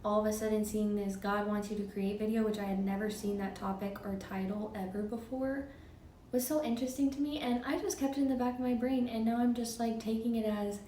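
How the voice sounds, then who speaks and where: A woman's voice: mid-range voice, fairly even intonation, dark tone, recorded from a distance, slight background noise. Candid twenty-something woman, vlog talk, a bit off-mic in an echoey room. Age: 20s. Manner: candid, chatty, quick laughs. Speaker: vlogger. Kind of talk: casual personal vlog.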